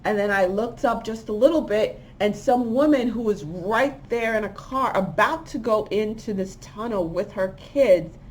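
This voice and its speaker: A woman hosting a spiritual channel, casually telling a long, rambling story of a vision and acting out the voices of people in it. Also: a little high. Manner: rambling, animated, acts out quoted voices.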